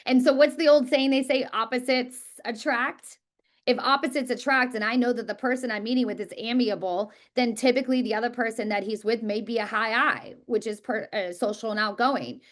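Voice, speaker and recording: A woman teaching a real estate class, talking quickly and emphatically and repeating words for stress. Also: on the high side, steady tone. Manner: talks quickly. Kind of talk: live class presentation.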